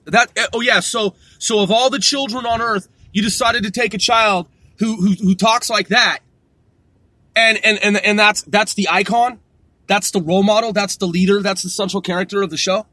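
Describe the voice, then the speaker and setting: A man's voice: high-pitched, pushed and bright, no room sound. A man hosting a podcast, ranting sarcastically from his car and swearing constantly. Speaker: podcast host. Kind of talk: profane ranting monologue.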